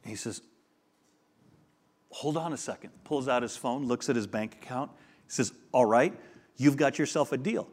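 In this sermon, a man unpacks a parable and energetically acts out the dialogue of a modern retelling. His voice is medium-pitched at a normal speed, and he leaves long pauses.

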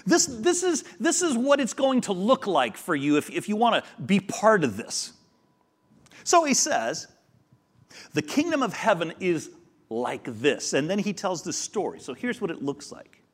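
Male pastor, sermon storytelling, slightly high and very expressive, plays both parts of the dialogue. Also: moderate pace. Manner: animated storyteller acting out dialogue. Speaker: preacher.

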